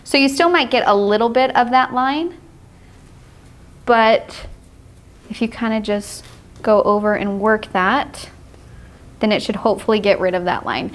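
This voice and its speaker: A woman's voice: on the high side, measured pace, pauses often. Cheerful woman teaching watercolor live. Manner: cheerful, explains steps patiently, laughs often. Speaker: art instructor. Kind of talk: live painting tutorial.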